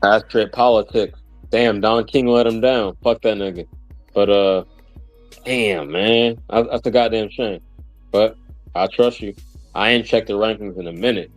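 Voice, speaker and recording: A man's voice: fairly low pitch, fairly even intonation, a little slow, no echo, soft background music, rough recording. A man in casual boxing chat over a livestream call, joking and brash, cursing freely. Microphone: remote livestream call.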